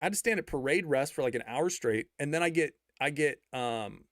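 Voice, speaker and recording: A man casually telling a story, slangy and full of fillers, getting loud and high with disbelief. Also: brisk, dry recording, studio quality. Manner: animated, rising to high-pitched disbelief, laughs while telling; slangy, many fillers and repeats.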